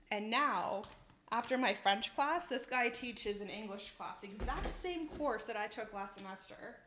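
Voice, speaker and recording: A woman's voice: a little high, normal speed, a bit bright, a little hiss or hum. A young woman in her twenties live-streaming from her kitchen, telling stories with lots of laughter and swearing. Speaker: cooking streamer. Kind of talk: casual live-stream chat. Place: home kitchen.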